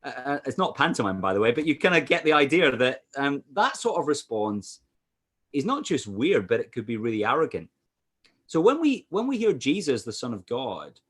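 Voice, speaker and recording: A Scottish man preaching as a pastor over a video call, animated, with frequent "uh" fillers. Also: mid-range voice, moderate pace, breathy edge. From Scotland. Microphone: computer mic on a video call.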